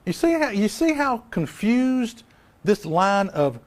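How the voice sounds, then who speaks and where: A man's voice: sits high, sing-song, takes it slowly. A man preaching a live sermon, emphatic, asking rhetorical questions and repeating key lines. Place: live church service.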